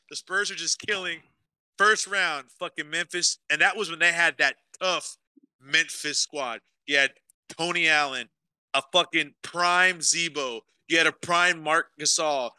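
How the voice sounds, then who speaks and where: A man's voice: a little high, bright, forceful tone, clear, resonant tone, dry recording. A young man co-hosting a casual podcast, swearing a lot and ranting emotionally about sports to his live chat. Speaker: podcast co-host.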